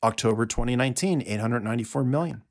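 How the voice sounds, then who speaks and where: A man with a gravelly, creaky voice delivers a solo monologue, reading from his notes. He is emphatic and sarcastic, stressing his points and tossing in quick asides. His pitch sits in an ordinary middle range. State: out of breath. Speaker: podcast host.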